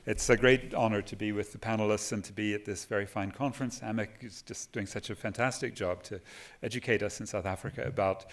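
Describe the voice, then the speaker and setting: Man giving an emphatic conference talk. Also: medium pitch. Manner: emphatic, quotes sources at length. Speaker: panel speaker. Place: conference hall. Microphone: microphone at a podium.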